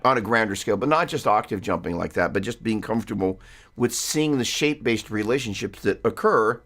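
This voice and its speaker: A man's voice: fairly low pitch, lively intonation, a little fast, fairly bright tone. A man hosting a casual live-stream guitar lesson, rambling and chatty, breaking off mid-sentence to greet viewers. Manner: rambling, self-interrupting, chatty.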